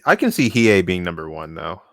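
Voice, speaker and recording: A man co-hosting a casual discussion stream, talking in a halting way and searching for words mid-sentence. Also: sits low, big pitch swings, no echo, studio quality. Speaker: co-host reading the series.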